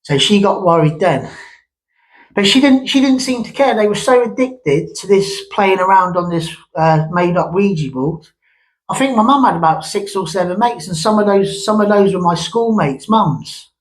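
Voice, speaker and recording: Rambling storytelling man, slightly high voice. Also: expressive, moderate pace, low-quality recording. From England. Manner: rambling, conversational, with many restarts and asides. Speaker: vlogger.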